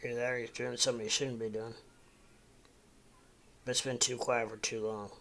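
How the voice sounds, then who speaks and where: A man's voice: mid-range voice, flat delivery, fairly quick, bright, forceful tone. A man in his forties from the Midwest, rambling casually at home as host of a livestream and answering chat. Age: 40s.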